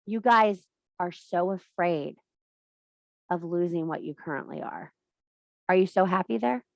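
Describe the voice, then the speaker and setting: A woman's voice: on the low side, a little slow, creaky, dry recording, lo-fi sound. A middle-aged woman leading a women's workshop over a video call, talking bluntly and emphatically with a lot of swearing. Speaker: women's circle leader. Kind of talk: casual workshop talk.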